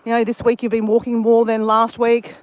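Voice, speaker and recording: A woman's voice: on the high side, completely flat delivery, a little fast, low-quality recording. An Australian woman chatting to her live viewers, rambling with many fillers and restarts as she exercises. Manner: exercising while talking. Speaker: vlogger. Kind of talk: casual chat to live viewers.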